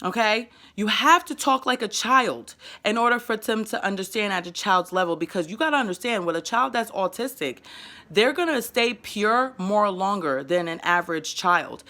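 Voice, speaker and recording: Fast-talking New York woman in her twenties. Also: medium pitch, expressive, sharp tone. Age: 20s. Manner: fast-talking, emphatic, stumbles and repeats words. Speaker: parenting vlogger. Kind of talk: direct-to-camera advice vlog.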